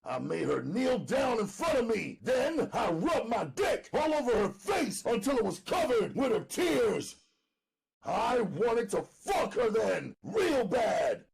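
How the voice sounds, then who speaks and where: A man narrating an audiobook dramatically, loud and emphatic, often near shouting. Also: extremely high pitch, sing-song, takes it slowly, vocal fry, slightly rough.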